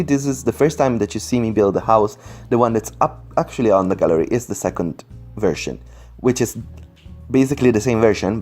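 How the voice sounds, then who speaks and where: A man's voice: medium pitch, warm tone. A man with English as a second language doing casual voice-over commentary at home, rambling with many fillers and apologies. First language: not English. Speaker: Sims speedbuild commentator. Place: indoors at home, computer on lap.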